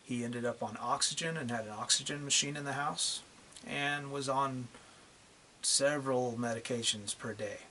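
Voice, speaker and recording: Bright-voiced man ranting angrily. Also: mid-range voice, slight background noise. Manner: angry, profane, ranting; drawn-out emphatic phrasing. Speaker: channel host. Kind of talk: vlog rant to camera.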